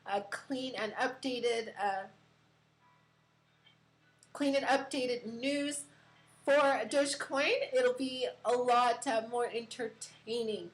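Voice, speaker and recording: A woman's voice: on the high side, slow pace, long pauses, low-quality recording. A woman hosting a casual crypto live stream from her computer, chatty with many fillers and giggles.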